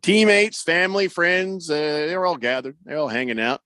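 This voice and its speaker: A man co-hosting a radio show, telling stories in a casual, animated way and acting out what people said. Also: fairly high pitch, moderate pace, dry recording. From Irish heritage. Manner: animated storyteller, acts out quotes. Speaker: radio co-host. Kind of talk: casual sports radio banter.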